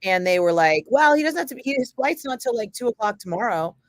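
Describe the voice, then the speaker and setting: A woman in her forties, a radio host, telling a story in casual chat, animated, swearing freely and acting out the people she quotes. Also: a little high, brisk, dry recording, poor audio. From Northern California.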